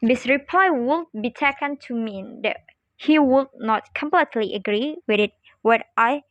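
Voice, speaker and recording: A woman's voice: on the high side, a bit bright, no room sound, muffled recording. Young woman reading a phonetics lesson aloud. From Indonesia. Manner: careful, halting reading with small slips. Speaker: student presenter.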